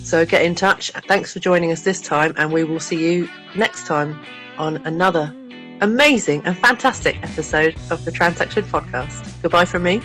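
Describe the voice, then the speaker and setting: A woman co-hosting a podcast, telling an animated story and laughing often. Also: fairly low pitch, normal speed, soft background music. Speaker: podcast co-host. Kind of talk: casual chat.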